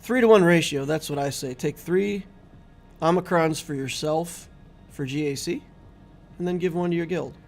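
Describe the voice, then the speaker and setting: A man's voice: on the high side, moderate pace, vocal fry, soft background music. A middle-aged man hosting a gaming channel, chatting casually and easily with his viewers while he streams. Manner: chatty and easygoing, talking to viewers. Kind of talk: casual live-stream commentary.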